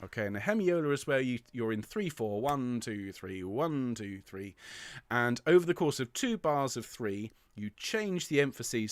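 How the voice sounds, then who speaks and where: A man's voice: mid-range voice, very animated, normal speed. A man leading an online choir rehearsal, explaining bars, counting in, and singing the lines with encouragement. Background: piano.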